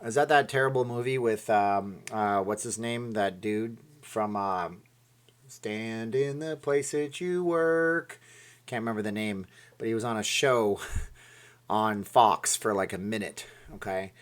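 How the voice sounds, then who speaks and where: A man's voice: fairly low pitch, fairly even intonation, a little slow. A middle-aged man from Saskatchewan, hosting a casual live stream, chatty and rambling as he reacts to viewer comments. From Saskatchewan, Canada. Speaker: channel host.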